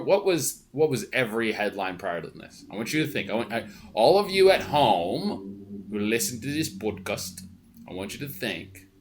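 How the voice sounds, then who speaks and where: Young male podcast host, lowish voice, loose profane rambling monologue. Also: fairly bright tone. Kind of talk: casual monologue. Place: hotel room.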